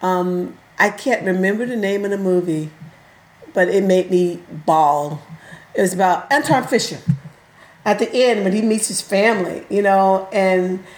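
A woman's voice: mid-range voice, a little slow. Woman chatting about books, laughs alot, kinda echoey room. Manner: animated, laughs often, mimics other people. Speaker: book club member. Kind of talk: casual chat.

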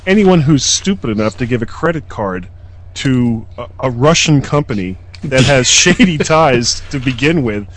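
A man's voice: medium pitch, lively intonation, moderate pace, a bit bright, a little hiss or hum. A man co-hosting a casual tech podcast, arguing his point bluntly. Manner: blunt, argumentative. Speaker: podcast co-host.

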